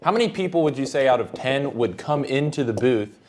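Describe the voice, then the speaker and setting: A man's voice: mid-range voice, animated, fairly quick, a little mellow. A man co-hosting a business show, asking short questions and reading the next points from a script. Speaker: co-host.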